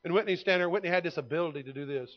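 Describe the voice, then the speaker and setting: A man, preaching a sermon in a folksy storytelling way that swings from loud to hushed. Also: fairly high pitch, rapid-fire, muffled recording. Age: 50s. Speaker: pastor. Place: church sanctuary.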